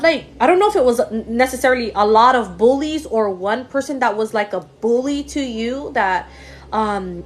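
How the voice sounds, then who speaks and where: A woman's voice: a little high, slight background noise. A young woman giving a live-streamed psychic reading, emotional and gushing, with many repeated words and fillers. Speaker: psychic medium. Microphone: phone or computer mic on a live stream.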